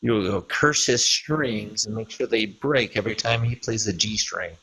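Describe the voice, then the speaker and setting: Man, low voice, rambling caller, casual chat. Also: moderate pace, sharp tone. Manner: rambling storyteller, acts out quoted lines. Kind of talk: casual chat, telling a joke.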